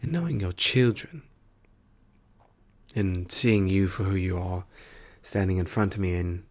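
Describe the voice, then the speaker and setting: A wry male trickster god, now a weary file clerk, murmurs in whispered role-play, as a man plays him. The voice sits fairly low and unhurried, drawn out with long pauses, soft and musing. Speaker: ASMR performer.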